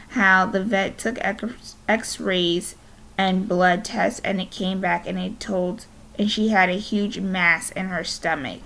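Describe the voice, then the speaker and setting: A woman teacher reading a children's novel aloud to her class, gently and unhurried, now and then correcting herself. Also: medium pitch, gravelly, poor audio.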